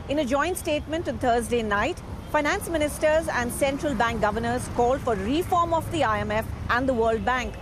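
A woman correspondent reading a scripted news report with crisp, emphatic delivery. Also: high voice, background noise.

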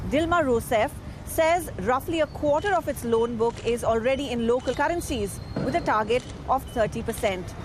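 A woman correspondent reading a scripted news report with crisp, emphatic delivery. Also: on the high side, noisy background.

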